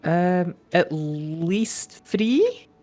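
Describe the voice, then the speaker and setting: A man's voice: high-pitched, very animated, drawn-out words, a little mellow. Giggly young man playing a tabletop game. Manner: playful, giggly, hesitant fillers. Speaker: player. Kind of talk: tabletop role-play with friends.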